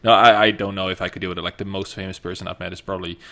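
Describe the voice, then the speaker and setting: A man's voice: deep voice, little pitch movement, very fast, vocal fry, pushed and bright. A man hosting a podcast, chatting casually, joking and stumbling over his words. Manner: joking, stammering restarts. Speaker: podcast host. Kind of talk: casual chat.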